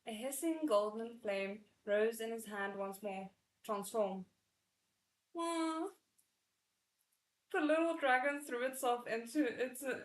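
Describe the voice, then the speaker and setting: Excitable woman reading a novel aloud. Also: fairly high pitch, echoey room, low-quality recording. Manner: excitable, breaks off to react and comment. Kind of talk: readalong narration with chatty asides.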